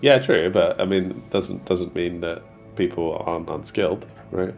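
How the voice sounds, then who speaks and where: A very low, gravelly male voice, thick and congested from a cold. He chats loosely with his stream, cracks jokes, swears, and flares up into excited shouting. Music plays loudly under him. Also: unhurried. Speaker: livestreaming gamer. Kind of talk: casual live gameplay chat.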